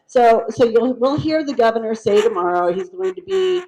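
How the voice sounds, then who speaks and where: A woman on a panel, speaking in a halting way with fillers. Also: on the high side, expressive, mellow, slight background noise, low-quality recording. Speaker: state official panelist. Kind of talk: panel talk.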